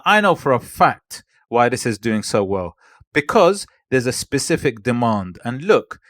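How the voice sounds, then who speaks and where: A man talks fast and eagerly, selling every point with punchy catchphrases. His voice sits in an ordinary middle range. The sound is close and dry, with no room around it. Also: medium pitch, dry recording. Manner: energetic, salesy, punchy catchphrases. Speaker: online seller coach. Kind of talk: hyped-up product walkthrough.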